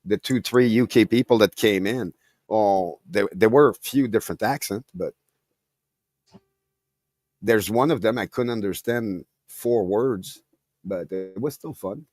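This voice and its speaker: A man from Quebec with a Québécois French accent, chatting casually on a podcast, halting and often restarting his words. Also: fairly low pitch, darkish tone, no room sound. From Quebec, Canada. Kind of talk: casual late-night chat.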